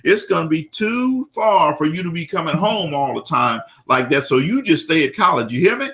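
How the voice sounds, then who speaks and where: A man voicing a stern old grandfather in a told joke, speaking in a gruff, scolding way. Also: a little high, sing-song, moderate pace, a bit bright.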